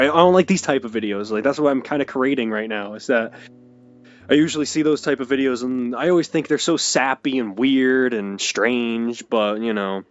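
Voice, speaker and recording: A young man telling an emotional personal story, halting and hesitant with many restarts. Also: mid-range voice, lo-fi sound. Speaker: video creator.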